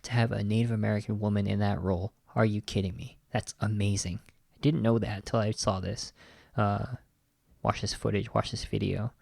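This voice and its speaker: Enthusiastic male podcast host, low and gravelly, fillers galore, dry close sound. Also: level tone, moderate pace, darkish tone, no room sound. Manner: enthusiastic, heavy use of "like" and "you know". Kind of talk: casual podcast commentary.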